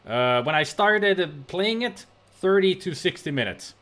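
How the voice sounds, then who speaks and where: A man commentating a let's play of a game, excitable and exclaiming as he rambles aloud. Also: high voice, measured pace. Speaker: gamer.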